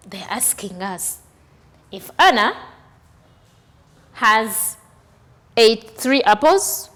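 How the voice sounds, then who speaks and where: A woman teaching young children maths, taking her time over every word. Her voice is fairly high and swings up and down a lot as she asks questions and counts objects out loud. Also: very animated. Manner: slow and deliberate, asks the viewer questions and counts aloud. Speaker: primary school maths teacher. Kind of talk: recorded classroom lesson for children.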